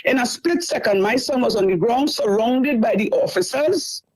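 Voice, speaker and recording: A woman's voice: a little high, lively intonation, normal speed, darkish tone, husky, low-quality recording. A middle-aged woman, telling a distressing story in a talk show and repeating herself as she goes. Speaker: caller. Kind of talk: emotional storytelling.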